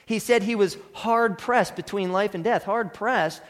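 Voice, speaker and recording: High-voiced pastor preaching in a reverberant hall. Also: male voice, measured pace, a bit bright. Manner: earnest, conversational preaching with rhetorical questions. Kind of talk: sermon. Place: church sanctuary.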